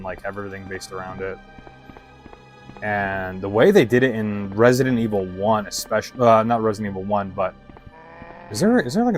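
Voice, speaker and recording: Low-voiced man rambling over gameplay. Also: rough recording. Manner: rambling, heavy swearing, lots of "like". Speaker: let's play streamer. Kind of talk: casual gameplay commentary.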